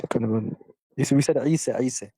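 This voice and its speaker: A man's voice: mid-range voice, racing, warm tone, slightly rough. A young man calling in to a heated debate, repeating phrases and pushing back. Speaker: caller.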